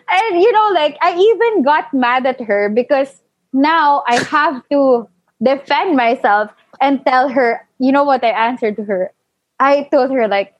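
A young woman telling a personal story in casual chat, full of fillers and animated quoting. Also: high-pitched, normal speed, no room sound. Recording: dull lo-fi, dry.

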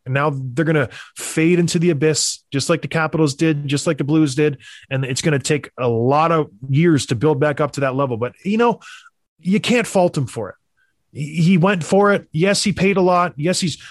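A man's voice: a little high, brisk, no room sound, clean studio sound. Emphatic man talking hockey. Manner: emphatic, animated, mocking impressions. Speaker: sports podcast host. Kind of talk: opinionated hockey talk.

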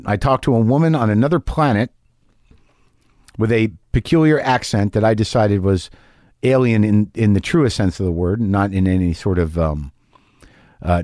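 A man's voice: medium pitch, darkish tone, dry recording, studio quality. A middle-aged man hosting a podcast, telling a sardonic, exasperated comic story with lots of repeating himself. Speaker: podcast host. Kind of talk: comedic monologue. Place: home garage studio.

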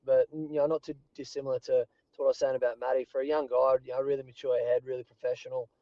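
An Australian man in his thirties, a rugby player joining a podcast from his parked car, telling lively stories with frequent restarts. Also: medium pitch, quick pace, no room sound, dull audio. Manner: animated anecdotes with laughs and restarts. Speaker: guest, professional rugby player. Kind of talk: casual storytelling chat.

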